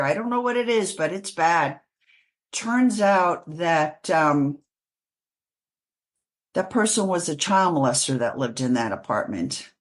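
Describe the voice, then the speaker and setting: A woman from New York City talks slowly and deliberately, her voice sitting a little low. She tells her story in an interview, stopping and restarting often, and slips into voices from her memories as she goes. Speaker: author and interview guest.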